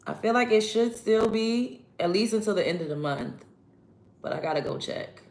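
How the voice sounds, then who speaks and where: A woman's voice: mid-range voice, lively intonation, moderate pace, darkish tone. A young woman from New York chatting casually with viewers on a livestream while doing her makeup. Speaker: livestream host.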